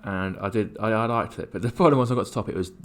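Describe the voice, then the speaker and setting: Casual male co-host, quick talker with a low-leaning voice, rambles through stories. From England. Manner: animated, rambling anecdotes with many restarts. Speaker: podcast co-host. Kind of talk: casual storytelling chat.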